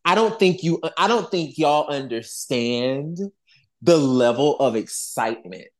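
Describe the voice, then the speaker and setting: A man co-hosting a casual podcast, gushing and swearing, repeating himself in excitement. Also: medium pitch, a little slow. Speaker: podcast co-host.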